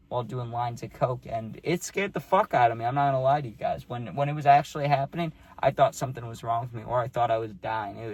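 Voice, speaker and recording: A young man tells a wild personal story straight to his viewers. His voice sits at a middle pitch, and he keeps it loose and slangy, dropping "dude" between lines. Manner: slangy, animated, says "dude" often. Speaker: vlogger. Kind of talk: casual storytime monologue.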